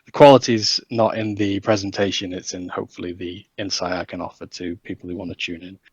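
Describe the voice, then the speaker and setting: Low flat-voiced guy on a podcast, nervous but earnest, dull cheap mic, dry sound. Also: brisk, slightly rough, dry recording. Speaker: podcast guest. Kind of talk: casual interview chat. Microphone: cheap home microphone.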